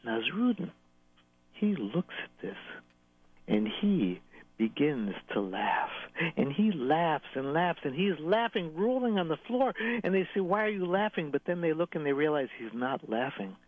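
A man telling folk tales in a playful, lively way, adding sound effects. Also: a little high, unhurried, no echo. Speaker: storyteller. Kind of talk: oral folk storytelling. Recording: tinny phone line.

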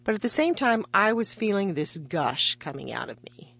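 A woman's voice: mid-range voice, normal speed, creaky, breathy edge, no echo. Woman guest, physician, vivid storyteller, acts out dialogue, interview. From part Mexican heritage. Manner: vivid storytelling with lively voiced quotes. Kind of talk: personal story in a radio interview.

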